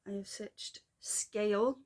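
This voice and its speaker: A woman chatting casually in a craft vlog, rambling and self-deprecating with quick asides. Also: mid-range voice, steady tone, a little mellow. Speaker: flosstube vlogger. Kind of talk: casual chat.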